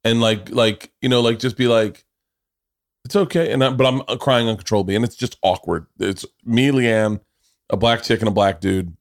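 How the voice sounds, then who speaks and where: Low-voiced man telling a comic story. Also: moderate pace. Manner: animated, profane comic storyteller. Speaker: podcast host. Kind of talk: casual storytelling chat.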